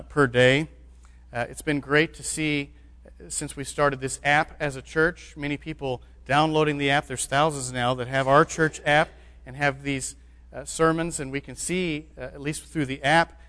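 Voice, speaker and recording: A man's voice: on the high side, fairly bright tone. A man preaching a sermon as pastor, building to emphatic declarations. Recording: long hall reverb.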